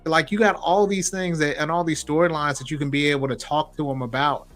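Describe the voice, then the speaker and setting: A man co-hosting a podcast, talking in a casual, animated and emphatic way. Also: on the high side, fairly quick, faint music behind. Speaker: podcast co-host. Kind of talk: casual chat.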